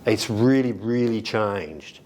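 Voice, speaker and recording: Lively Australian man telling stories. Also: lowish voice, takes it slowly, slight background noise. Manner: animated, acts out quoted voices, laughs often. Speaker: storyteller. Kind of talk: casual anecdote telling. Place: library event room.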